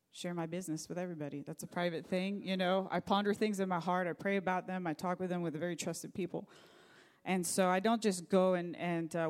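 A middle-aged woman pastor preaching a sermon, telling a personal story in an earnest, faith-focused way. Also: fairly low pitch.

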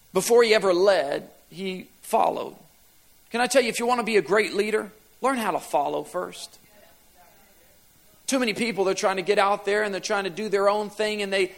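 A man's voice: sits high, gravelly, a bit bright. A man preaching a sermon as pastor, retelling a scripture passage and driving home repeated refrains with rising emphasis.

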